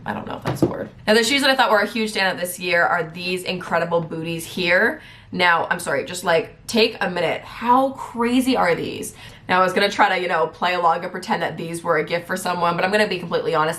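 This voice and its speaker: Young woman, beauty vlogger, casual gift guide chat, rapid excited delivery, slightly lower voice. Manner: fast, giddy and excitable.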